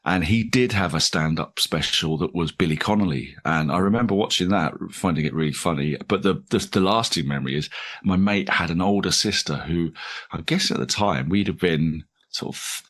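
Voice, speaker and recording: Very deep-voiced man rambling self-deprecatingly. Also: moderate pace, a bit bright. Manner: rambling, self-deprecating, frequent restarts and laughs. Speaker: comedian guest. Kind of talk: casual interview chat.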